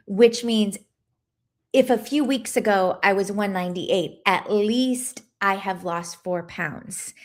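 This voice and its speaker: A middle-aged woman hosting a casual livestream, chatting in a rambling way and stopping to greet viewers and answer their comments. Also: medium pitch. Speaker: livestream host.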